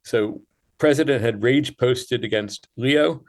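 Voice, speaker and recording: A man, a writer, speaking as a guest in a radio interview, explaining in a measured and thoughtful way. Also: mid-range voice.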